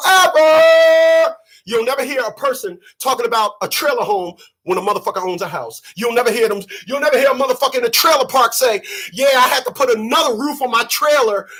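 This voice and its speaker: A man hosting his channel in a profane, emphatic rant, often shouting. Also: high-pitched, slightly rough. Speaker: channel host. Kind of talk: ranting commentary.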